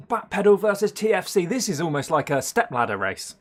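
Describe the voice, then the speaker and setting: A man's voice: sits high, sing-song, brisk. Chatty man live-streaming. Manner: rambling and chatty, laughs often, hesitant fillers. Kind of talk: casual live-stream chat.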